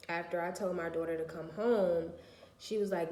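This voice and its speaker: A woman's voice: fairly low pitch, fairly even intonation, moderate pace, darkish tone, reverberant. A woman, a mother of four, telling her story in a casual vlog in a blunt, emphatic way and swearing freely.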